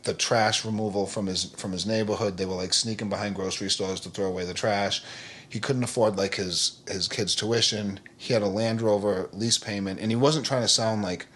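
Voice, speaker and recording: Earnest low-voiced man, rambling talk. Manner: earnest, rambling, leans on "like" and "you know what I mean"; animated storyteller who acts out quoted people. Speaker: podcast guest. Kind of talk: casual podcast conversation.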